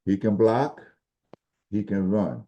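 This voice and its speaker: A man co-hosting a sports podcast, casually breaking down football games in a measured way, restarting his sentences as he thinks. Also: on the low side. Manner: measured, explains with repeated restarts. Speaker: podcast co-host, football analyst. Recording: dull lo-fi audio.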